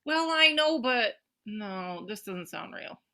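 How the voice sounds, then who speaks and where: Bright-voiced woman, blunt and dry. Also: mid-range voice, animated, slow. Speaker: podcast co-host. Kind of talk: casual chat.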